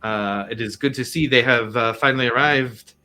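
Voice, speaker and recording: A man voicing a formal, weary woman who leads the settlement, speaking in a measured, polite way. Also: mid-range voice, sharp tone, a little hiss or hum, close to an everyday voice.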